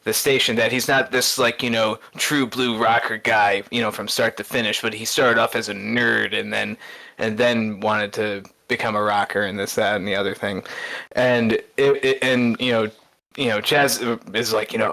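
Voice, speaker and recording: A man in casual podcast chat, telling stories in an excitable, rambling way, stumbling over his words and laughing often. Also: lowish voice, normal speed, vocal fry. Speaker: podcast co-host.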